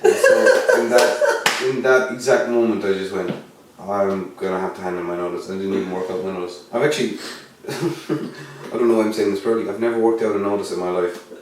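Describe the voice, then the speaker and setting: A young man rambling in casual chat, halting and self-mocking. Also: fairly low pitch, noisy background. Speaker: comedy club member. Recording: echoey room, distant mic, faint ambience.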